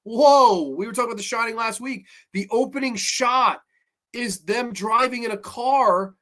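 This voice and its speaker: A man talks through his horror movie review show in a casual, unscripted rant. He is blunt and profane, and he sounds plainly exasperated. His delivery swings into sudden loud outbursts of disbelief. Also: extremely high pitch, moderate pace. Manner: animated, with sudden loud bursts.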